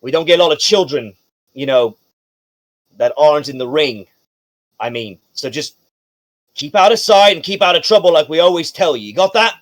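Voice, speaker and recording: A man's voice: a little high, animated, normal speed, pauses often, pitched above the performer's own voice, natural voice. A man doing a flustered casino guard. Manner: flustered, polite. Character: nervous male casino guard, adult.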